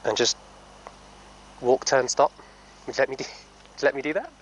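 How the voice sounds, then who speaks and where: A man in an indoor stable speaks in a middle-pitched voice, hushed and coaxing toward the horse beside him. Between soothing words he explains his training to viewers in an easy, casual way. A faint hum of background noise sits under the recording. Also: moderate pace, highs cut off. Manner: soft, coaxing talk to a horse, often hushed.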